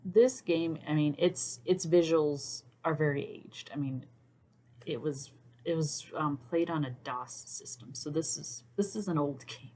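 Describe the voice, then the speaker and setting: A woman's voice: deep voice, unhurried, dark tone. A woman hosting a casual talk to camera, thoughtful with many "um"s, sometimes dropping to a near-whisper. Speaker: YouTube host.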